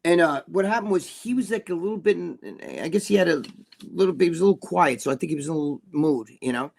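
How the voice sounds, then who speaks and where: A man with a somewhat high voice spins tales as a guest in a casual interview. He swears freely, rambles, and keeps restarting his sentences. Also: animated, fast talker, vocal fry. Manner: profane, rambling, with many restarts. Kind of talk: casual storytelling.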